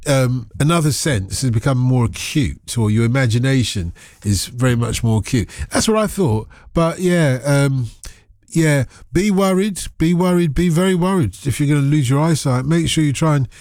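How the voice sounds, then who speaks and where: A man's voice: fairly high pitch, darkish tone, no echo, studio quality. A man hosting a radio phone-in, chatting casually and teasing callers with thinking-aloud asides. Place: radio studio.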